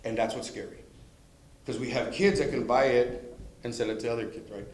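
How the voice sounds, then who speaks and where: Casting: man, mid pitch, easygoing storyteller presenting to parents, heavy room echo. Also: fairly even intonation, a little fast, a little mellow. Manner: storytelling, acting out quoted speech. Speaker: drug prevention presenter. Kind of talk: informal school presentation.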